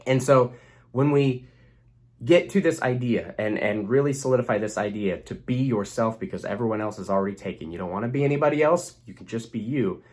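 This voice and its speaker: A man's voice: medium pitch, fairly quick, a little mellow. A young man speaking earnestly as a relationship coach, giving a motivational self-help talk to the camera and repeating phrases for emphasis.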